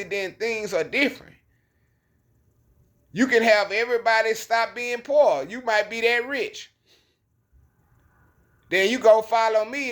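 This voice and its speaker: A man's voice: sits high, fairly bright tone. A man giving a casual, slangy Bible lesson, telling the story in an emphatic conversational way. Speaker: bible teacher. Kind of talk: casual preaching monologue.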